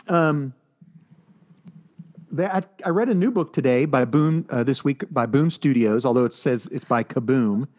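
A man's voice: mid-range voice, moderate pace, a little mellow. A man co-hosting a podcast, chatting casually and rambling through stories with lots of fillers. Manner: rambling, filler-heavy storytelling. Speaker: podcast co-host reviewing comics. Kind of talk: casual chat.

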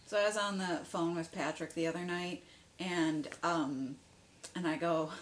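A woman's voice: lowish voice, measured pace, slight background noise. A woman co-hosting a podcast in casual chat, telling stories with lots of giggles. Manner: giggly storyteller, animated delivery. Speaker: podcast co-host.

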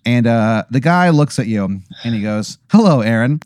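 A man's voice: medium pitch, expressive, normal speed, a little mellow, clean tone, dry recording, studio quality. A man improvising a comic story for a friend, rambling through fillers and breaking into laughter. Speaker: storyteller posing a hypothetical.

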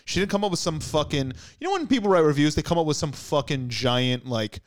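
A man's voice: a little high, sing-song, a little fast, no echo, studio quality. A young man co-hosting a casual chat, crude and joking, mocking bad restaurant reviews. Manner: crude, joking, reads reviews aloud with mock outrage.

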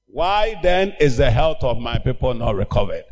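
A man preaching a sermon as pastor, emphatic and slow, breaking into shouted commands for healing. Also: medium pitch, sing-song, long reverb tail.

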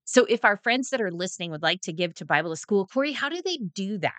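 A woman's voice: mid-range voice, lively intonation, fast talker, fairly bright tone, no room sound. A woman hosting a casual faith podcast in an upbeat, enthusiastic way. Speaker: podcast host. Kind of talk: casual podcast chat and closing prayer.

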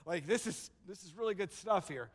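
A man's voice, high and fairly quick with a breathy edge, belongs to a pastor preaching a sermon. He tells stories animatedly and acts out the characters' voices, recorded in a church sanctuary with long hall reverb.

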